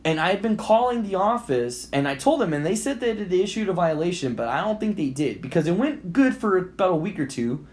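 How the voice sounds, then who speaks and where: A man's voice: high-pitched, big pitch swings, brisk, hardly any pauses. A man co-hosting a podcast, telling a heated story in a casual, profane and rambling way. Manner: rambling, with frequent restarts. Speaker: podcast co-host.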